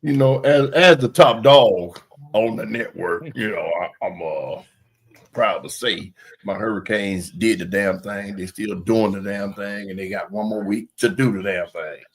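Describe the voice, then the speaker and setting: A man co-hosting a casual sports podcast, boastful and quick to argue about his team. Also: on the low side, husky. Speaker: podcast co-host.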